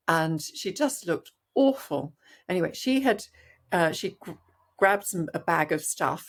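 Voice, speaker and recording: Brief: woman, middle-aged, low-pitched, earnest storyteller, interview guest. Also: husky. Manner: animated, earnest, frequent restarts. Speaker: doctor guest.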